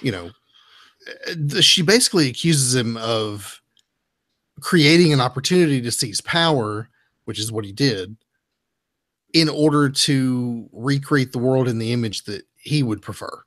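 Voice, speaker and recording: A man's voice: medium pitch, a little slow, pauses often, fairly bright tone, no room sound, clean studio sound. A man hosting a casual comic book podcast, recapping stories in a rambling, easygoing way with frequent restarts. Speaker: podcast host.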